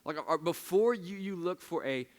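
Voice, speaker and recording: A man's voice: high-pitched, animated, normal speed. A young adult man preaching a sermon to a room of listeners in a casual, self-mocking, storytelling manner, often restarting his sentences. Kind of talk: conversational sermon. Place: church service in a room of listeners.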